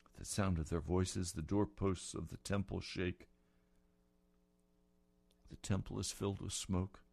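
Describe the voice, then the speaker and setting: A man's voice: low voice, steady tone, measured pace, gravelly, a little mellow, breathy edge, dry recording. Passionate preacher man, dramatic swells. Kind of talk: sermon.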